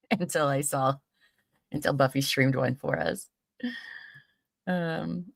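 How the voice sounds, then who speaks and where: A woman's voice: low-pitched, fairly bright tone, no room sound, clean studio sound. A woman hosting a live true crime stream, chatting casually and rambling with frequent laughs.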